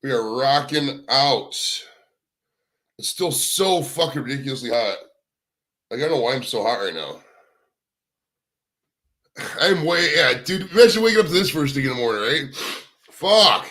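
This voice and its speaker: Young male stream host, rambling and profane, chatting casually to viewers from home, bright forceful tone. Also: mid-range voice, sing-song, normal speed, long pauses. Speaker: livestream host. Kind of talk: casual livestream chat. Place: home, indoors.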